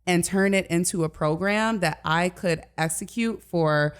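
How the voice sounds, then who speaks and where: A woman's voice: lowish voice, a little slow, clear, resonant tone. Give me a passionate woman from Detroit, life coach. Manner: animated, passionate storytelling. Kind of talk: casual podcast interview.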